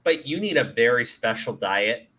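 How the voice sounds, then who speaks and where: This commentary host from the Middle East has a mid-range voice and a moderate pace. His casual show is an animated rant, packed with swearing, frequent laughs and stammered restarts.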